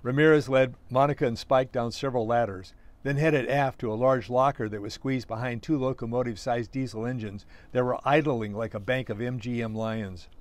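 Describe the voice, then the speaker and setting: Male author, reading his novella aloud, steady storytelling, mid pitch, dry sound. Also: brisk, no room sound.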